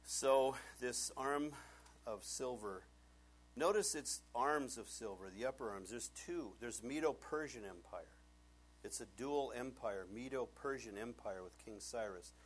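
A man's voice: mid-range voice, a little slow, husky. An older man preaching a sermon as pastor, telling stories with humor and acting out the characters. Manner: animated storytelling, acts out characters, humorous.

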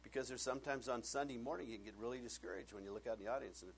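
A male pastor preaching a sermon, animated and laughing often, acting out bits of dialogue in changing voices. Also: mid-range voice, racing, gravelly, a little hiss or hum.

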